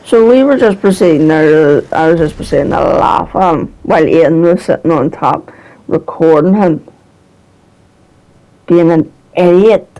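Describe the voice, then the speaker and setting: A man's voice: a little high, measured pace, dark tone, lo-fi sound. A man telling a story about his past in a casual, rambling way, hesitant and swearing now and then.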